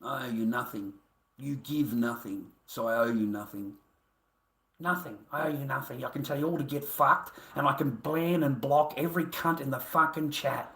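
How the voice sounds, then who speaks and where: A man's voice: mid-range voice, moderate pace, fairly bright tone. Profane, ranting Australian man, echoey room. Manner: profane, combative, sneering. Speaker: livestreamer. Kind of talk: angry livestream rant.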